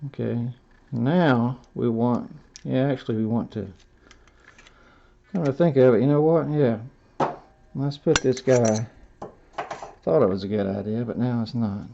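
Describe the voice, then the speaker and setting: Slow, folksy man narrating a robot build. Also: medium pitch, creaky, mellow, a little hiss or hum. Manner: folksy, self-talking, stops and corrects himself. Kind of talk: hands-on build tutorial narration. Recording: dull lo-fi sound.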